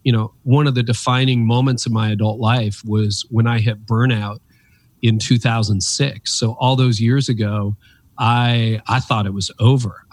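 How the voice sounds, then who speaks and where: A man in his fifties, an author and speaker, telling stories in an interview with emphatic, animated delivery. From Canada. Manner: animated, emphatic storyteller with pitch leaps. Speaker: podcast guest, author and speaker. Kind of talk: reflective interview storytelling.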